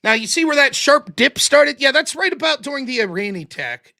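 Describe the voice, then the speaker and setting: Exasperated, high-voiced American man ranting. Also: fairly quick, gravelly. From United States. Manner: exasperated, profane, animated. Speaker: political livestream host. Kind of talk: ranting commentary.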